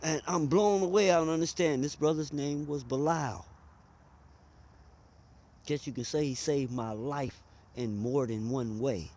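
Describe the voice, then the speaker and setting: Mellow-voiced man telling his story. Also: a little high, measured pace, long pauses. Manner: conversational, emphatic, drawls and speeds up. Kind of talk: personal storytelling monologue.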